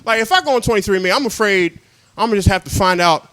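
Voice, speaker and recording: High-voiced young male stand-up comic. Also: animated, quick pace, clear, resonant tone, no room sound. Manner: chatty, self-mocking, drops to quiet asides; laughs at his own jokes. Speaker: stand-up comedian. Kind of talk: stand-up comedy set.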